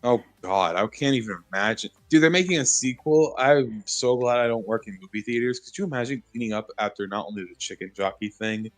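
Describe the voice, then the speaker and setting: A young man chatting casually with his partner, relaxed and halting, with many fillers. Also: medium pitch. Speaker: streamer's partner off to the side. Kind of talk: casual chat. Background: soft music.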